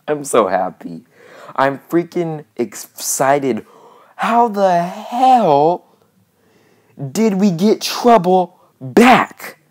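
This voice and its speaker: A woman giving let's-play commentary, excitable and casually swearing, with lots of repeated phrases. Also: lowish voice, extremely slow. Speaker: gaming channel host.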